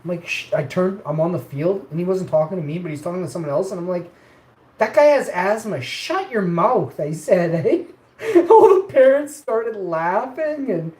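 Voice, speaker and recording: A man's voice: fairly high pitch, mellow. A man telling rambling childhood stories in a casual stream, laughing often and raising his voice when he quotes people. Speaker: live streamer. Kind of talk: casual storytelling. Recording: echoey room with faint ambient noise.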